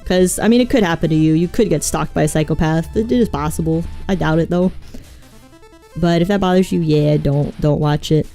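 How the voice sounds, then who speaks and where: A woman's voice: low voice, a little fast, dark tone, soft background music. A woman streamer in casual chat, rambling about films and answering viewers' messages. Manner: chatty, rambling, reads chat aloud. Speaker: vtuber streamer.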